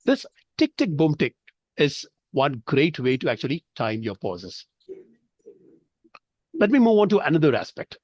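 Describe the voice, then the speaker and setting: A man's voice: medium pitch, very animated, a little slow, pauses often, a little mellow, no echo. A man from India runs an online public speaking class, his voice swinging widely as he explains with examples and checks in with listeners. The sound is dry and close, as if from a headset on a video call. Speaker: speech trainer. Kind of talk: online training session.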